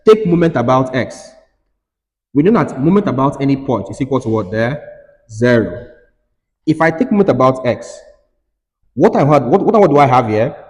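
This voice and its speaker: Man teaching engineering in a hall, ordinary pitch, insistent and repetitive, echoing room. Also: sing-song, moderate pace, long pauses, a little mellow. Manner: repetitive, urging students to listen. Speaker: engineering lecturer. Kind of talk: classroom lecture. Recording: reverberant hall.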